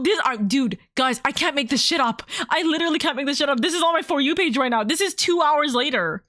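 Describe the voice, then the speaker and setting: Excitable rambling woman streamer, dry sound. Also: sits high, quick pace, few pauses, no room sound. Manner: rambling, excitable, swears freely. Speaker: VTuber streamer. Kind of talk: casual livestream chat.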